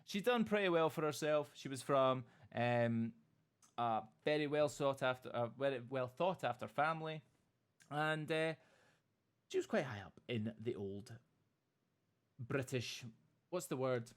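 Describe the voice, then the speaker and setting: A man's voice: medium pitch, animated, measured pace, pauses often, clean tone. A Scottish man hosting a casual group chat, joking, swearing and slipping into theatrical speeches. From Scotland. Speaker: podcast host.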